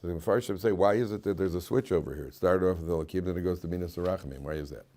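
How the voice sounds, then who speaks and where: A man's voice: low voice, very fast, dark tone. A man, a rabbi, giving an informal Torah lecture in a conversational, joking way, often repeating and restarting his words. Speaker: rabbi teaching a weekly Torah class.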